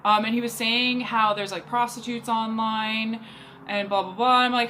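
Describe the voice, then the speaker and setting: Young woman venting about a date, lots of "like", bright clear voice, slightly high, faint hum behind. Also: steady tone, normal speed, poor audio. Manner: chatty, exasperated, heavy use of "like". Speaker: vlogger. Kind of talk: casual storytelling rant.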